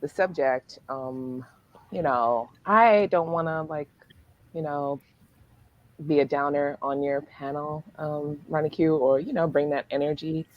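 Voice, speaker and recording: A woman with a very low voice chats as a panel guest, halting and full of fillers, often laughing between thoughts. Her voice is recorded dry and close, with no room around it. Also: fairly even intonation, no echo, highs cut off. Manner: hesitant, lots of fillers, laughs. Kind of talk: casual panel chat.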